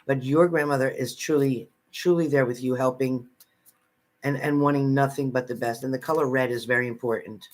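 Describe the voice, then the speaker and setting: A man's voice: mid-range voice, steady tone, a little fast. A man giving live psychic readings to viewers from home in a chatty manner, repeating phrases and calling people by name. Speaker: psychic reader.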